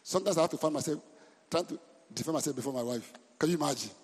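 A man preaches to his congregation in a fairly high, husky voice, stopping often to ask them questions. He sounds middle-aged and speaks as a senior pastor. The recording carries the long reverb of a church hall. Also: racing. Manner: animated preaching, repeats words, asks the congregation questions. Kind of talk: sermon.

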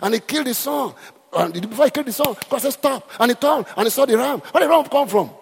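A man voicing an excited male preacher who fires off questions. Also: very high voice, fast, slightly rough, in a large hall, pitched above the performer's own voice. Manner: shouted rhetorical questions.

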